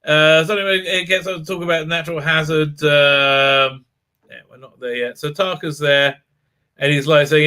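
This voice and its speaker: A man hosts a live stream, giving a comedic recap full of sarcasm and mockery. His voice is very bright and sharp-edged and sits fairly high. He laughs often between his jabs. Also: steady tone, normal speed, clean tone.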